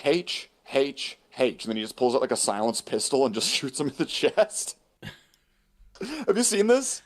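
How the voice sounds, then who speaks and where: A man chatting casually as a co-host, rambling from one thought to the next and laughing often. His pitch swings widely, rising high when he is amused, while his voice sits at an ordinary middle pitch. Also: big pitch swings, normal speed. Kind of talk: casual chat.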